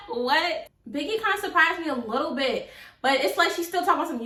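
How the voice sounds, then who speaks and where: A woman's voice: high voice, lively intonation, moderate pace, pushed and bright. Young woman, casual reaction chatter, talks back at the screen, roomy echo. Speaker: reaction video host. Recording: echoey room.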